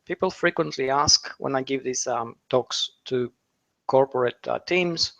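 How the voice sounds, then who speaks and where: A man's voice: medium pitch, a little slow, a bit bright, lo-fi sound. A man explaining online concepts in a talk, with frequent fillers, restarts and rhetorical questions. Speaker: SEO author and speaker.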